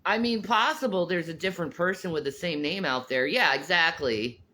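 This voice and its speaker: A woman's voice: lowish voice, normal speed, pushed and bright. A woman from North Carolina co-hosting a podcast in casual chat, blunt and swearing freely. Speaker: podcast co-host.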